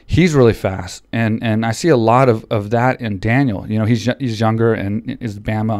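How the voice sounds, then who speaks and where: A man's voice: fairly low pitch, moderate pace, darkish tone, no echo. A man hosting a podcast in casual chat, still a little out of breath, rambling with many restarts. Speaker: podcast host and coach. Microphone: studio podcast mic.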